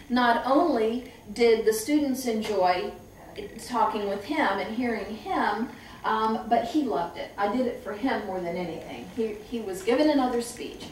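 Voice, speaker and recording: A middle-aged woman who trains staff at a memory care home, telling lively stories and acting out the voices of people she quotes. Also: fairly high pitch, slight background noise. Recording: echoey room, far from the mic.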